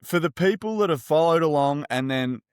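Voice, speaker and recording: An Australian man hosting an interview, enthusiastic and lively with his guest. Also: on the high side, brisk, clear, resonant tone, no echo, studio quality. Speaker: podcast host. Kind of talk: upbeat interview.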